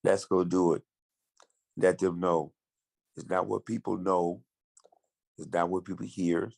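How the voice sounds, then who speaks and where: A man's voice: low voice, flat delivery, measured pace, gravelly, a little mellow, dry recording. A man giving an emphatic, rallying motivational speech. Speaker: motivational speaker.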